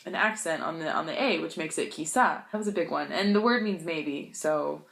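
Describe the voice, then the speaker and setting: Lower-voiced chatty woman in an echoey room. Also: fairly quick, creaky, a bit bright. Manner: chatty, laughs often, self-deprecating. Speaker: language-learning vlogger. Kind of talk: casual storytelling vlog.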